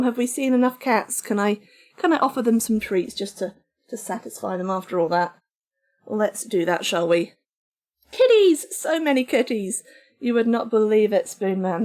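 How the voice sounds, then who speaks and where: Chatty woman streamer. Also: fairly high pitch. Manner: chatty, animated, reads and answers chat. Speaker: game streamer. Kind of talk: casual live-stream chat.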